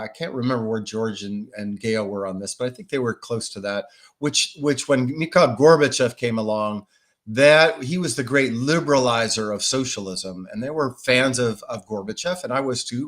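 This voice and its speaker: A man's voice: mid-range voice, fairly bright tone. A middle-aged man answering interview questions in a thoughtful way, with frequent restarts and fillers. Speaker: guest, Russia expert.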